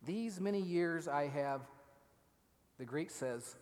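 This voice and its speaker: A man's voice: a little high, lively intonation, slow, long pauses, darkish tone. A man preaching a sermon, acting out quoted lines with rising force and dropping to a near-whisper for emphasis. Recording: long reverb of a large hall.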